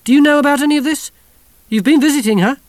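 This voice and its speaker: A man's voice: sits high, huge pitch swings, a little slow, dry recording, voice pushed up, full character voice. A man reading aloud, voicing a stern, suspicious hospital ward sister. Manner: suspicious, sharp.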